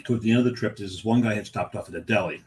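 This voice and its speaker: Low-voiced man telling rambling stories. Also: very fast, a little hiss or hum. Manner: rambling anecdotes with many ums and restarts. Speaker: podcast co-host. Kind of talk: casual storytelling.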